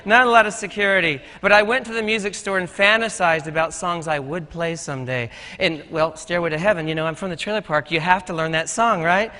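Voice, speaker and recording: Speaking a little fast with hardly any pauses, this middle-aged man keeps a high-pitched voice steady and sharp as he delivers a keynote of humorous, folksy stories about teaching and growing up. The conference stage sits in an echoey hall.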